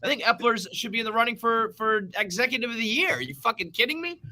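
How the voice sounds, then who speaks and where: A man's voice: very high-pitched, quick pace, sharp tone. A middle-aged man hosting a casual sports podcast, joking animatedly and swearing a lot. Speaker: podcast host.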